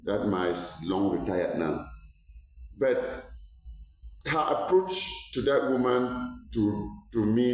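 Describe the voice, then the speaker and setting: A man's voice: on the low side, lively intonation, unhurried, darkish tone, far from the mic. A man from Cameroon, a doctor giving an earnest health talk to viewers, repeating words as he searches for them and rising when he stresses a point. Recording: echoey room, voice from off-mic.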